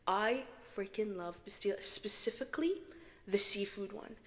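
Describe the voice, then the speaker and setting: A young Moroccan woman vlogs to camera in a casual chat, speaking dramatically and talking to herself. Her voice is medium in pitch at a moderate pace, with a strong echo setting adding reverb.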